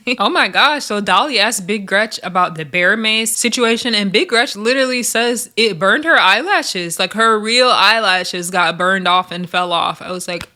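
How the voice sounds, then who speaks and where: A woman's voice: medium pitch, animated, moderate pace, bright, forceful tone. A woman giving a casual, opinionated recap of a reality show, laughing often and swearing freely.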